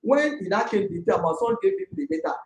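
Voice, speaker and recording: A middle-aged woman with a Nigerian accent, a landlady complaining about a tenant in an emphatic, excitable way. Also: on the high side, fast talker. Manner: emphatic, excitable, talks forcefully. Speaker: landlady in a dispute. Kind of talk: heated complaint. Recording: echoey room.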